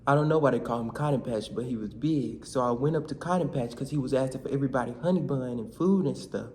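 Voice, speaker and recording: A man's voice: mid-range voice, fast talker, slight background noise. Slangy young man telling a story. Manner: animated, slangy, shouts in quoted lines. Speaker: vlogger. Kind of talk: comedic storytelling vlog.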